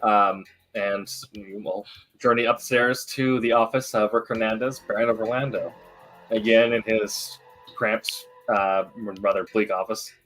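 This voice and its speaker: A man narrating a tabletop game as game master, halting with many fillers. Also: fairly low pitch, steady tone, a bit bright, soft background music, low-quality recording.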